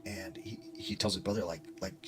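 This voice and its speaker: A man's voice: lowish voice, huge pitch swings, fairly quick. A man casually telling a ghost story in a rambling way, full of fillers. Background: music.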